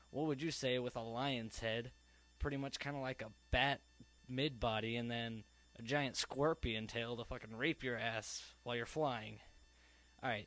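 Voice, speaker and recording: A man's voice: mid-range voice, a bit bright, rough recording. A man talking casually in a vlog reply, rambling and joking at his own expense. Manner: casual, rambling, self-deprecating. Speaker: video creator.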